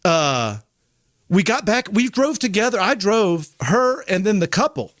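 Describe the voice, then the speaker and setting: A man's voice: high voice, big pitch swings, unhurried, a bit bright, no room sound, studio quality. A man in his forties, a podcast host, casually telling a story and swearing freely as he acts out what people said.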